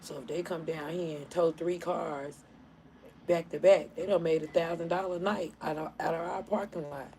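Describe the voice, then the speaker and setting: A woman hosting a casual live stream, telling stories in an animated way and laughing often. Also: low-pitched, moderate pace, a little hiss or hum, low-quality recording.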